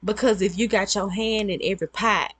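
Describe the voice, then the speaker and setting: A woman's voice: mid-range voice, steady tone, a little fast, breathy edge, no room sound. A woman vlogger giving earnest, repetitive, conversational advice to her viewers. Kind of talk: casual advice monologue.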